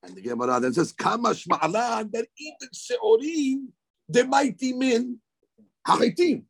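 A man's voice: extremely high pitch, big pitch swings, unhurried, vocal fry, breathy edge. A man giving a daily Talmud lecture, explaining animatedly with frequent stammered restarts. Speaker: Talmud teacher.

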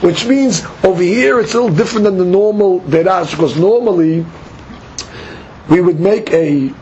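A man with a notably high, light voice leads a study class lecture. He explains patiently, stopping to ask himself questions and then answer them. A faint hum of ambience sits under his voice. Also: moderate pace, a little mellow, dull audio. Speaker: teacher.

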